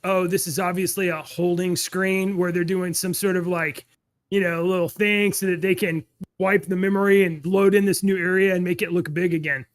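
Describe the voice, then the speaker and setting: Man, high voice, casual podcast chat, rambling storyteller, dry sound. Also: no echo. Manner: rambling, animated storytelling with laughs. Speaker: podcast co-host.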